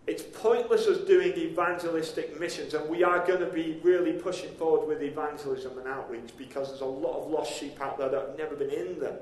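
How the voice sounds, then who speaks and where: A man preaches as a pastor in a church hall, speaking conversationally and posing questions to his congregation. His voice is on the high side, and he talks fairly quickly with hardly any pauses. The recording has the echo of a church hall.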